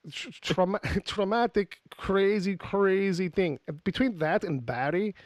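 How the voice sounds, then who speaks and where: Gravelly-voiced man hosting a podcast. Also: fairly high pitch, no echo, studio quality. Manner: rambling, joking, with frequent fillers and restarts. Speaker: podcast host. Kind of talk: casual podcast chat.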